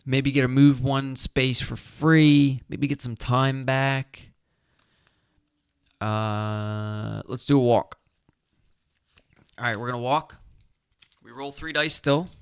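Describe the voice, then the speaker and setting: A man plays a board game live and talks himself through each turn, counting spaces and checking in with viewers. His voice is smooth and resonant, and it sits close and dry on the mic with no room sound. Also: mid-range voice, fairly even intonation, takes it slowly, long pauses, dry recording. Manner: thinking aloud, asking viewers, counting moves. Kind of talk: casual solo game playthrough.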